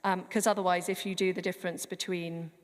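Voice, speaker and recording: A woman's voice: on the low side, little pitch movement, a little fast. Choir director, woman, chatty, spells out pronunciation by demonstrating, long church reverb. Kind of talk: rehearsal coaching.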